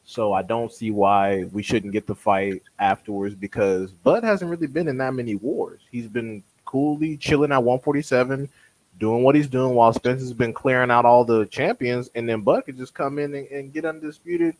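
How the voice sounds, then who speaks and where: A man's voice: medium pitch, normal speed, a little mellow, poor audio. A man co-hosting a casual boxing chat, arguing with animation and mocking critics by mimicking them. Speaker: boxing podcast co-host.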